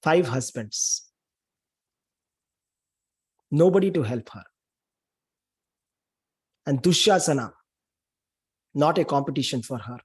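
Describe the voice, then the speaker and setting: Husky-voiced man telling a sacred story. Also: mid-range voice, expressive, slow pace, long pauses. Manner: emphatic, dramatic storytelling with heavy repetition. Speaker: spiritual speaker. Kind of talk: sermon retelling a scripture story.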